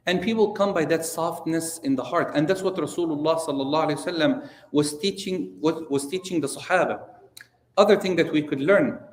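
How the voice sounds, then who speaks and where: Male imam, lively storytelling lesson, slightly high voice, echoey hall. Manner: animated, storytelling, asks the audience questions. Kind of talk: religious lesson. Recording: roomy echo.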